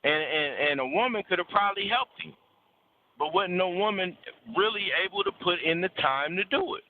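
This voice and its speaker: A man's voice: high voice, moderate pace, a little hiss or hum. A man speaking bluntly and preachily, with profanity and repeated words for emphasis, in a casual talk about relationships over a call. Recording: tinny phone-like line.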